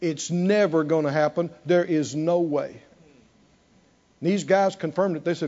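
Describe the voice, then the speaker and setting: A man preaching a sermon with animated emphasis, often asking the congregation questions. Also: a little high, a little slow. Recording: dull lo-fi recording.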